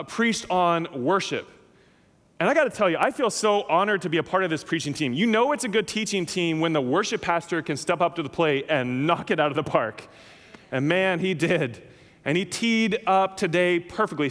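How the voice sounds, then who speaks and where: Animated preaching man in a reverberant hall. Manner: animated, emphatic preaching with wide swings in pitch and loudness. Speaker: pastor. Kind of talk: sermon.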